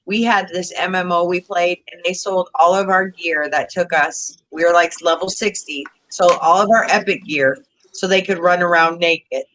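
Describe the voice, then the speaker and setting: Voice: mid-range voice, fairly even intonation, moderate pace, bright, forceful tone, rough recording. A guest in a casual chat, asking the others questions about their kids. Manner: asks the group questions.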